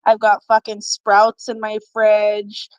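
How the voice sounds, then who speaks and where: A woman's voice: medium pitch, completely flat delivery, no echo. Playful woman on a dull, dry mic. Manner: playful, halting. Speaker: panelist. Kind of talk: casual livestream chat.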